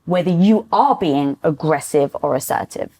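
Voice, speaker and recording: A woman hosting an interview, talking in a chatty, animated way full of fillers and quoted self-talk. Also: sits low, normal speed, creaky. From Greek family background. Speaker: podcast host. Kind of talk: conversational interview.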